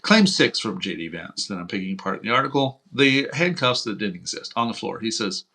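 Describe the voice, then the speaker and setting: A man's voice: lowish voice, big pitch swings, brisk, pushed and bright. A man from Houston hosting political commentary, talking in a blunt, profane, heated rant. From United States (Houston). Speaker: host.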